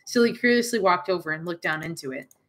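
A woman's voice: on the low side, fast talker, fairly bright tone. A young woman streamer reading a visual novel aloud and rambling off into giggly, self-interrupting asides.

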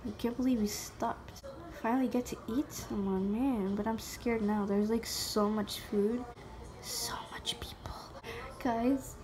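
A young woman giving casual gameplay commentary, excitable, gasping and dropping to whispers while she plays. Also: on the high side, measured pace. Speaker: gamer. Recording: faint music behind.

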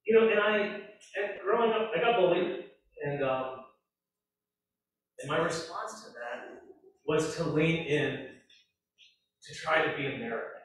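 A man in his forties, a judge, giving a halting, earnest personal testimony with many restarts. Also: fairly high pitch, slight background noise. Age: 40s. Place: temple event hall. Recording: very echoey hall, from far off.

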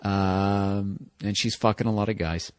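A man hosting a podcast, reading out a listener's letter and giving comedic advice in a blunt, profane rant that rises into loud, emphatic outbursts. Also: fairly low pitch, fairly even intonation, a little slow, clear, resonant tone, no room sound. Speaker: podcast host.

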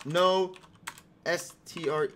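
A man's voice: sits high, fairly even intonation, extremely slow, fairly bright tone, slight background noise. A young man commentating his own game as he plays, chatting to himself and to viewers and teasing the other players. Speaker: gaming YouTuber. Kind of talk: live gameplay commentary.

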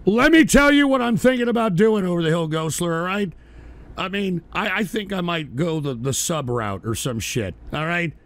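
A man hosting a livestream, ranting bitterly and profanely, with wild swings between shouted outbursts and tired, low muttering. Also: moderate pace. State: drinking, weary. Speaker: livestream host. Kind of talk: angry livestream rant.

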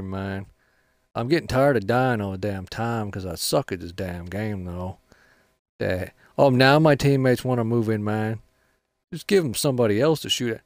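A man's voice: fairly low pitch, a little mellow, dry recording, clean studio sound. A man giving casual, rambling commentary over a military shooter game, swearing often and ending nearly every line with "man". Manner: rambling, swears a lot, ends lines with "man". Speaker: gaming channel host.

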